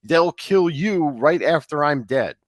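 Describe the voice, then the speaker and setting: A man's voice: on the high side, lively intonation, takes it slowly, dry recording, studio quality, voice pushed up. A man doing a dying, cursing old husband. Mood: agonized cursing. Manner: agonized, cursing.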